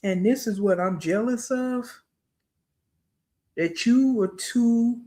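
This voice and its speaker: A woman hosting a reaction video, pausing the clip to deliver blunt, mocking, profane commentary. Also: on the high side, warm tone.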